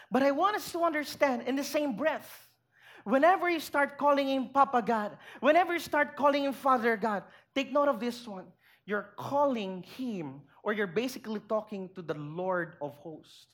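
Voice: high-pitched, a bit bright. A pastor preaching a sermon in church, making emphatic points and putting rhetorical questions to the congregation.

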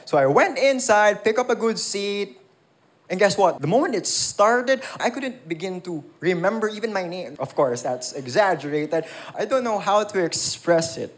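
A preacher gives an earnest, emphatic sermon in a church, reading scripture and asking the congregation questions. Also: mid-range voice.

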